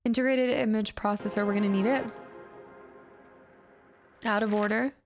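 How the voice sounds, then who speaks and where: A woman's voice: medium pitch, steady tone, normal speed, music in the background. A woman streaming a horror game live, chatting with viewers and reading on-screen text aloud as she plays.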